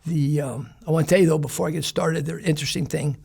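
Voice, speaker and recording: Gravelly man. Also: on the high side, fairly even intonation, fast, darkish tone, soft background music. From Chicago. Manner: rambling, streetwise storytelling with fillers. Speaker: interview guest. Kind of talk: casual storytelling interview.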